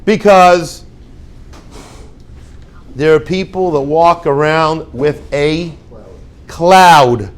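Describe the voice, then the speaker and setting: An older man, a rabbi and yeshiva head, giving a storytelling talk and acting out the dialogue with lively voices. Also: fairly high pitch, very slow, pauses often. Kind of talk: storytelling lecture.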